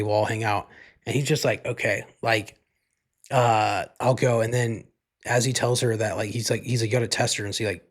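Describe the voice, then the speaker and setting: A man hosting a podcast races through a casual movie recap, his voice sitting a little low. He rambles, leans on constant fillers and swears offhandedly as he goes. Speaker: podcast host.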